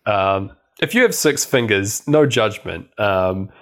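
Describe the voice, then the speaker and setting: Chatty male podcast host, lowish voice, animated, laughs often. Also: slow. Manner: chatty, laughing, lots of fillers. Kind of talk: casual film recap chat.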